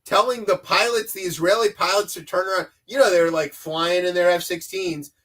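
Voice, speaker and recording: A man's voice: sits high, fairly even intonation, moderate pace, a bit bright. A man co-hosting a comedy news podcast, talking in a sarcastic, rambling way. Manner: sarcastic, rambling, does mocking voices. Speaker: podcast co-host.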